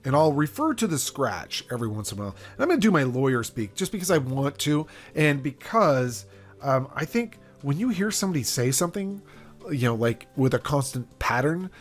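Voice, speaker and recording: A man's voice: mid-range voice, fairly quick, soft background music. A man teaching a math lesson, acting out a proof like a courtroom argument with playful back-and-forth. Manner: animated, acts out courtroom-style arguments. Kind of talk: lively math lecture.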